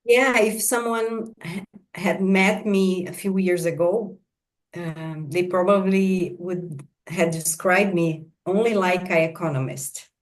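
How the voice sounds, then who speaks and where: Slow, hesitant woman guest. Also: lowish voice, fairly even intonation. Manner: slow, hesitant, searching for words. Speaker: podcast guest. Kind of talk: reflective conversation.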